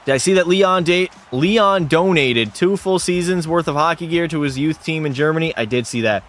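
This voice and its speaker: A man's voice: a little high, moderate pace. A man streaming a hockey video game live, calling plays like a commentator and bantering and swearing with his chat. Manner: excitable play-by-play calls, swears and banters with chat.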